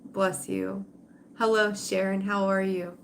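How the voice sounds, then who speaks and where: Speaking slowly in a gravelly, mid-range voice with a level tone, a middle-aged woman hosts a tarot livestream. Her casual chat with viewers is emotional and rambling, packed with fillers and restarts, and a little hiss or hum can be heard.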